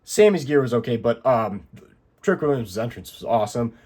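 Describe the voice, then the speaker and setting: A young man casually reviewing a wrestling show, rambling excitedly with lots of asides. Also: medium pitch, moderate pace. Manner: excited, rambling recap with many "I'm like" asides.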